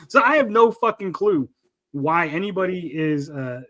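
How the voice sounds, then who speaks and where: A man's voice: high-pitched, big pitch swings, moderate pace, pauses often, a bit bright, rough recording. A man hosting a livestream podcast, telling a rambling story in casual, profane chat.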